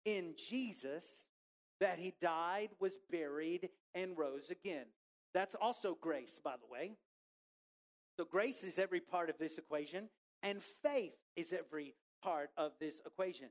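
A man preaching a sermon to a church congregation in a relaxed, conversational way, joking with the people in the room. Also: on the high side, unhurried. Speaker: pastor. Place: church auditorium.

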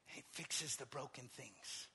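A man preaching in a church sanctuary, his bright, forceful tone ringing through a long hall reverb. He tells a personal story in a hushed, confiding voice, then builds into fervent exhortation. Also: mid-range voice, slow pace, gravelly, husky. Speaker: pastor. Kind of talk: sermon.

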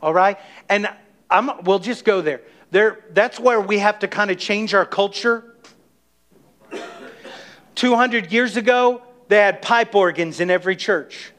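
A middle-aged man preaching a sermon as pastor of his church, emphatic and energetic, calling on the congregation to respond. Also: sits high, unhurried. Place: church sanctuary.

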